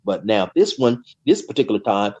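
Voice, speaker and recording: A man's voice: lowish voice, big pitch swings, a little fast, a little mellow, husky. Rambling middle-aged man telling jail stories. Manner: rambling, fills with "you know", repeats words. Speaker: guest telling prison stories. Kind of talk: casual storytelling in an interview. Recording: dull lo-fi sound.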